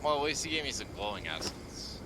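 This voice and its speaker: A game streamer doing live gameplay commentary, swearing constantly and swinging between startled outbursts and low grumbling. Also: big pitch swings, brisk, heavy background noise. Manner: profane, jumpy and easily startled, swears constantly.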